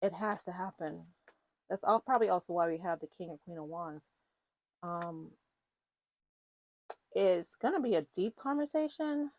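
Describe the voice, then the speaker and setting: Woman doing a chatty tarot reading, lowish voice, dry close sound. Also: animated, normal speed, pauses often, dry recording, muffled recording. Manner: chatty, rambling, with fillers and self-corrections. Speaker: tarot reader. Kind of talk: casual tarot reading to viewers.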